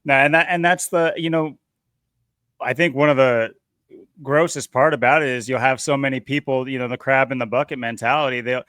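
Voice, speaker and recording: A man's voice: mid-range voice, fairly even intonation, brisk, a bit bright, dry recording, studio quality. A man co-hosting a podcast in casual chat, talking intensely and building an argument. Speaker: podcast co-host.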